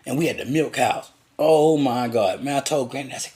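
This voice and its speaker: A man's voice: mid-range voice, moderate pace, a little mellow. A man telling a crude, profane, rambling story about his childhood.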